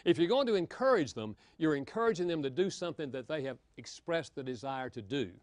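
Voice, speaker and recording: Animated man giving a marriage talk. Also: a little high, fairly quick. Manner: animated, playful, jokes with the audience. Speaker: marriage seminar speaker. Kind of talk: humorous lecture to an audience.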